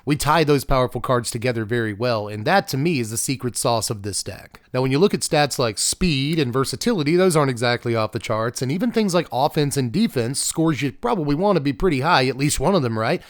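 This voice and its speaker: A man's voice: mid-range voice, lively intonation, brisk, few pauses, dry recording, studio quality. Chatty man talking card decks. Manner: chatty, with offhand asides. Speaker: card game channel host. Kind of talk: casual deck-tech commentary.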